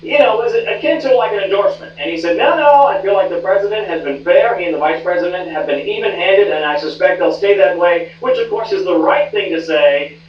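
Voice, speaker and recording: A man's voice: sits high, fairly quick, a little hiss or hum. A man reporting live for a news show in a chummy, confiding manner. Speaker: news correspondent. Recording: echoey, distant, muffled rebroadcast.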